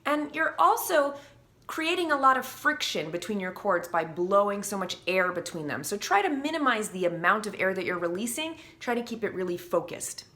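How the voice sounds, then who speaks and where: Woman vocal coach leading a warm-up. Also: medium pitch, expressive, normal speed, noisy background. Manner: demonstrating sung vocal exercises between spoken instructions. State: morning voice croak.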